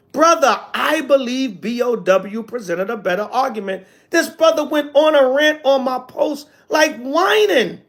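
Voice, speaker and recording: A man with a very high, somewhat bright voice addresses a livestream audience as an elder. He teaches casually, reading out chat comments and answering them with slang and sarcastic asides.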